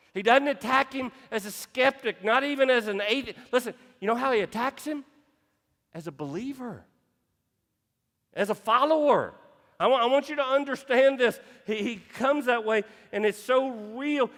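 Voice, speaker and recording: A man's voice: sits high, a bit bright, big-room sound. A man pastor preaching a sermon with passion, stumbling into restarts as he drives each point home. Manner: impassioned preaching with repeated restarts. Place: church sanctuary.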